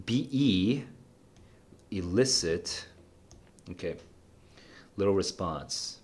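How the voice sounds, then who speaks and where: A man's voice: low voice, lively intonation, very slow, a little mellow. A young man solving test questions aloud as a tutor streamer, laughing often, muttering as he reads and exclaiming "dude".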